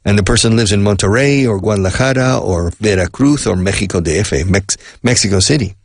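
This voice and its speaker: Older man, low husky voice, dry close sound; unhurried radio teacher who repeats himself. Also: dry recording. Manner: slow, repetitive, explains and repeats phrases patiently. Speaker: radio host and English teacher. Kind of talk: unscripted radio English lesson.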